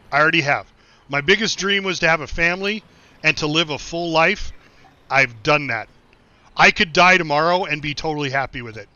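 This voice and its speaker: A man's voice: a little high, sharp tone, dry recording. A middle-aged American man chatting casually while streaming a game, easygoing, laughing often and rambling with restarts; recorded with dull, dry sound. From United States. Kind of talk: casual chat while gaming.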